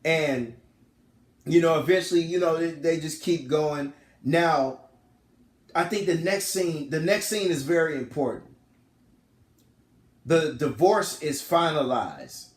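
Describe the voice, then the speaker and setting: Male film reviewer, lively slangy storyteller, a bit high-pitched, echoey room. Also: slow pace, long pauses. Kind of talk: casual film recap. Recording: roomy echo.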